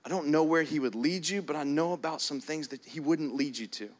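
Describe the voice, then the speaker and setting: A man preaching a sermon, shifting between quiet prayerful passages and loud emphatic stretches. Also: fairly high pitch, fairly quick, hardly any pauses, slight background noise. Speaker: pastor.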